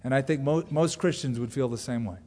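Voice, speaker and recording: A middle-aged man preaching a sermon as pastor, talking conversationally with sudden loud asides. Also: medium pitch, fairly quick. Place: church sanctuary. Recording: long hall reverb from a church.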